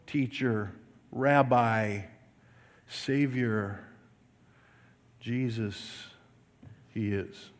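Slow-preaching man in a reverberant hall. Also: mid-range voice, lively intonation. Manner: slow, emphatic preaching, rising to loud calls for the congregation to repeat. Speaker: pastor. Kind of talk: sermon. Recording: long reverb of a large hall.

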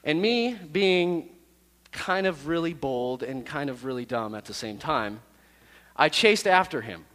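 A man who is a youth pastor, telling a personal story to his youth group in a lively, self-deprecating way. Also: a little high, a little slow, big-room sound.

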